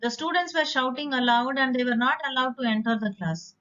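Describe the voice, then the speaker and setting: A woman teaches a vocabulary lesson in a patient, explanatory way, pausing on fillers as she works through examples. Her voice sits a little high, and the recording is dull and lo-fi. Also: a bit bright. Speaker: English teacher.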